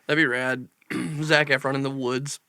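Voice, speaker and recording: A man's voice: mid-range voice, little pitch movement, a little slow, pushed and bright, clean tone, dry recording, studio quality. A young man co-hosting a casual podcast, joking around and slipping into mocking impressions. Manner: joking, does mocking impressions, laughs often. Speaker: podcast co-host. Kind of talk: casual chat.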